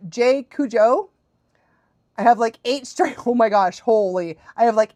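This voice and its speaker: A woman's voice: medium pitch, darkish tone, no room sound. A young adult woman chatting casually on a live stream as a dog trainer, bubbly and laughing often.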